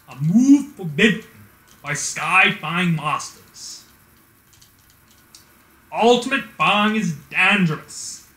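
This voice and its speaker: A stern old master lays down warnings in slow, weighty phrases, as a man puts him on. The tone stays bright and a little high. The room adds a noticeable echo. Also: full character voice. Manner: slow, grave pronouncements. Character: stern old male martial arts master.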